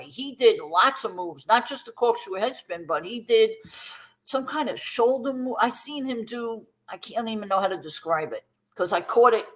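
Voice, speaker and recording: A woman's voice: mid-range voice, a bit bright, rough recording. Blunt, outspoken woman in her fifties. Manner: blunt, emphatic, swears freely. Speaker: guest, former b-girl dancer. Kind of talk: candid interview storytelling.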